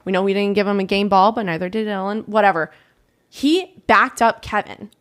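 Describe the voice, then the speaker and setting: A young woman co-hosting a casual sports podcast, blunt and ranting, quick to laugh. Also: mid-range voice. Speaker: podcast co-host.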